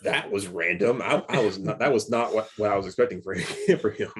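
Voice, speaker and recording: A young man chatting casually about a movie, excited and stumbling over restarts and repeated words. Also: lowish voice, a little fast, breathy edge. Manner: excited, stammering with many restarts. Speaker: movie reviewer. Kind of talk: casual chat.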